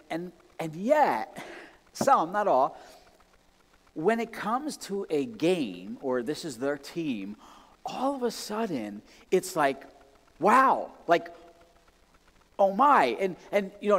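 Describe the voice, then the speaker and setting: A man preaching a sermon in a conversational, animated way, acting out excited exclamations. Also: a little high, long reverb tail. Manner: animated, conversational, many restarts and acted-out exclamations. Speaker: pastor. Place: church sanctuary.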